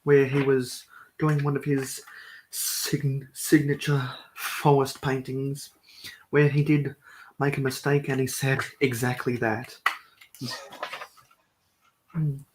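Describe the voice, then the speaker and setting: A man hosting a live stream at home, talking through a build in a soft, mellow monotone. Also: medium pitch, slow pace, long pauses, noisy background.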